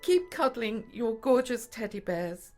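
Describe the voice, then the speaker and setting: A woman narrating a children's story gently, often dropping to a hushed whisper. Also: on the high side, animated, measured pace. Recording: faint music behind.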